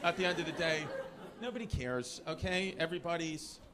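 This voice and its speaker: A man's voice: fairly high pitch, fairly quick. A man from New doing live stand-up comedy in a club, rambling and self-deprecating while teasing the crowd. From New York. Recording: live club, loud audience and room noise.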